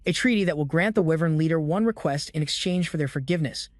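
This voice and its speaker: A man's voice: a little high, fast talker, no room sound, clean studio sound, soft background music, lightly acted. A man reading as a cold, blunt young saint. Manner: curt, indifferent.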